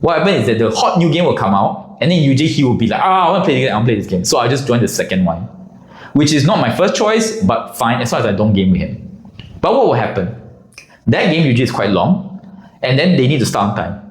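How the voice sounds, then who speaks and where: Animated man telling a story. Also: mid-range voice, a little fast, echoey room, low-quality recording. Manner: animated, drops into character voices. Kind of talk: casual comic storytelling.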